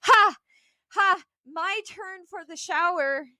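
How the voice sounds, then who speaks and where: A woman reading aloud, voicing a rude, gloating father who crows loudly. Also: extremely high pitch, slow, no echo, clean studio sound, voice pushed up, heavily acted.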